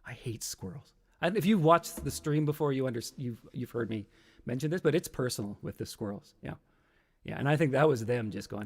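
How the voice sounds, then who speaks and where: A man's voice: medium pitch, animated, fairly quick, darkish tone, husky. A man in his fifties hosting a casual solo stream, rambling and nostalgic, now and then acting out an old sketch in silly voices. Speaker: podcast host.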